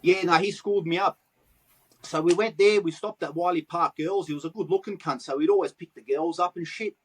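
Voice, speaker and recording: A man's voice: high voice, a little fast, husky, poor audio. A man with a Western Sydney Australian accent, telling stories in a casual interview and swearing freely in street slang. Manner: profane street slang, acts out quoted dialogue. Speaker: guest, graffiti artist.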